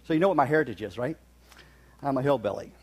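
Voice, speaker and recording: A man's voice: mid-range voice, animated, quick pace, a little mellow, breathy edge. A middle-aged man from West Virginia, preaching a sermon in a folksy, storytelling manner with touches of humor.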